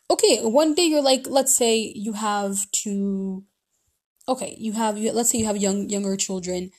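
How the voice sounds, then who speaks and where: A woman's voice: on the high side, a little mellow. A woman giving casual advice in a rambling way, full of restarts and fillers. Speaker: podcast host.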